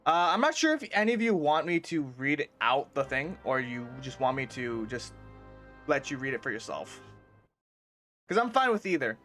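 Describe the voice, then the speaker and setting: A man's voice: a little high, very animated, normal speed, fairly bright tone, soft background music. A man giving casual, rambling let's play commentary as a gaming video creator, with many restarts.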